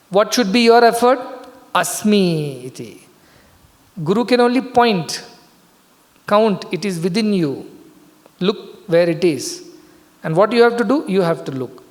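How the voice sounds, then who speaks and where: A man giving a scripture discourse as a spiritual teacher, explaining patiently and repeating key words. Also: high-pitched. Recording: long hall reverb.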